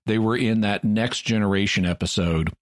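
A man with a fairly low voice co-hosting a casual podcast, retelling episode scenes at length. He often restarts his sentences and slips into quoted lines. The sound is close and dry. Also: normal speed, dry recording. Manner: storytelling with frequent restarts and acted-out quotes. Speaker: podcast co-host. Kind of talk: casual chat, recapping an episode.

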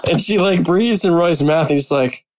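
A man chatting casually as a panelist, animated and amused as he retells favorite scenes. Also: a little high, normal speed, low-quality recording. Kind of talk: casual chat.

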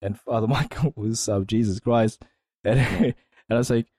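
A man co-hosting a casual chat podcast, telling stories in an animated way with halting restarts and laughter. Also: fairly low pitch, dry recording. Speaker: podcast co-host.

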